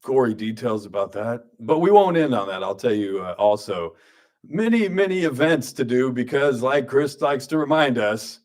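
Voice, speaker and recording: A man, hosting a radio show in a studio with joking, grumpy banter and quick asides. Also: medium pitch, lively intonation, a little mellow. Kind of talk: casual radio talk.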